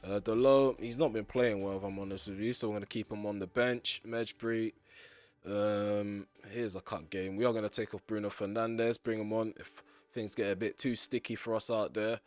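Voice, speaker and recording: A young man commentating his own football video game, ranting bluntly at his players with a voice going hoarse. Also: lowish voice, steady tone, normal speed, no room sound. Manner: frustrated, ranting, blunt with mild swearing. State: voice getting hoarse. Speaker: gaming YouTuber. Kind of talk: live gameplay commentary.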